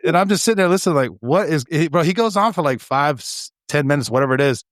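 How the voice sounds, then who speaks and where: A man co-hosting a podcast, telling stories in an animated, swearing, laughing casual chat. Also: a little high, fast, no room sound, clean studio sound. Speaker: podcast co-host.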